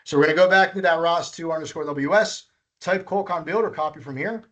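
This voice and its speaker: Brisk and a bit bright, his voice sits on the higher side as he runs a live coding workshop. The instructor patiently explains each step and self-corrects along the way.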